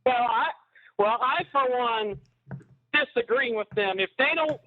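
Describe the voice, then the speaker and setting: Joking male caller, high voice, rambling chat over a tinny phone line. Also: measured pace, dry recording. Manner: joking, rambling, prone to pranks. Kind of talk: casual chat.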